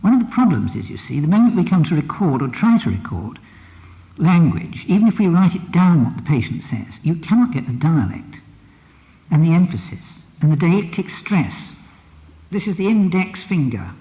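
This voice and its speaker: In a reverberant lecture hall, captured on a dull lo-fi archive recording, a man lectures as a psychotherapist. His voice is a little high and very animated at a moderate pace; he sounds reflective and emphatic, frequently repeating a phrase while shifting its stress.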